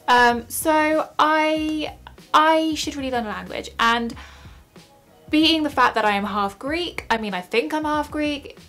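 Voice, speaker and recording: A young woman talks straight to camera from her home, chatty and self-mocking as she rambles along. Her voice sits a little high for a woman, with faint music under it. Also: fairly bright tone. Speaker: vlogger. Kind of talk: casual vlog chat.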